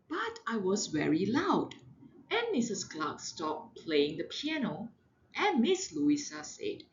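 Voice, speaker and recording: A woman, a mother, reading a children's storybook aloud in a slow, very expressive, sing-song way. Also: medium pitch, highs cut off. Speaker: mother reading to her daughter.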